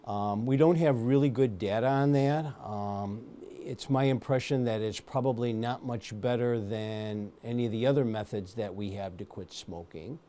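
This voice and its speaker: A man speaking as a pulmonologist in an interview, giving measured explanations with frequent ums and uhs. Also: medium pitch, dark tone. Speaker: pulmonologist guest. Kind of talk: medical interview answers.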